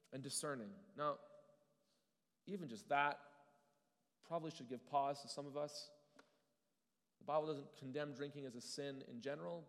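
A man's voice: on the high side, long reverb tail. A male pastor giving an earnest, conversational sermon, restarting words now and then.

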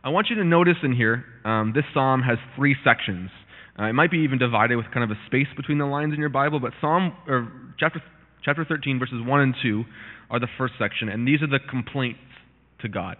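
A man gives a relaxed Bible teaching, chatting with plenty of fillers and restarts and reading scripture aloud with mounting intensity. His voice sits at an ordinary pitch for a man. The sound is thin and phone-like, with a long reverb trailing behind him. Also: fairly quick. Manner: conversational, with many fillers and restarts.

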